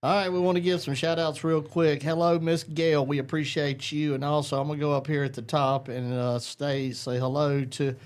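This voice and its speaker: Man, talk-show host, folksy and rambling, slightly high voice. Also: level tone, moderate pace, few pauses, clean tone. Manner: folksy, rambling, Southern "y'all".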